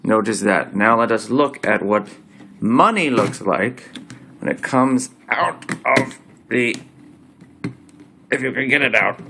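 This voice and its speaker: A video host casually explains coins he holds up to the camera, using a put-on accent and a loose, rambling delivery that keeps breaking off and restarting. His mid-range voice is slow with vocal fry and frequent pauses, over background noise.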